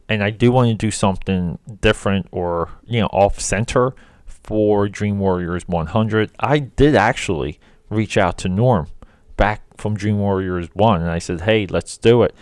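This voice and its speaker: A man with a fairly low voice runs his own podcast solo, talking casually. He rambles with fillers and restarts but lands points emphatically. The sound is dry and close, with no room behind him. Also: clear, resonant tone, dry recording. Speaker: podcast host.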